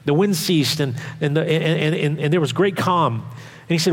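A man's voice: on the high side, normal speed. A male pastor preaching and reading scripture aloud, earnest and emphatic, repeating his key points. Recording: long reverb of a large hall.

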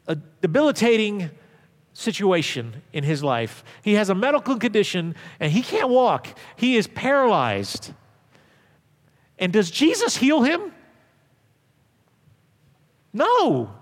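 A middle-aged man preaching a sermon as pastor, telling stories and swinging from loud emphasis to hushed asides. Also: high voice, big-room sound.

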